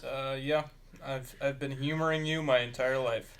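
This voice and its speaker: A man throws in short, dry, teasing one-liners from behind the camera. His voice sits in an ordinary middle pitch. He jabs at the host in a deadpan way. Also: moderate pace, clean tone. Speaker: brother helping film, off-camera commentator.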